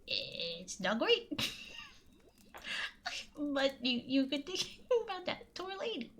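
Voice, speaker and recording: Anxious laughing woman streamer, high voice. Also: expressive, slow, a little hiss or hum. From US Midwest. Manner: anxious, laughing often, repeating and pleading. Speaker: streamer reading folktales. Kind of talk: casual live-stream chat.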